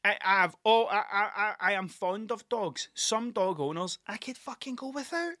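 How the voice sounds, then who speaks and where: Bright, sweary Scottish man rambling. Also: high voice, lively intonation, moderate pace, no echo, studio quality. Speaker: podcast host. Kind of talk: casual solo monologue.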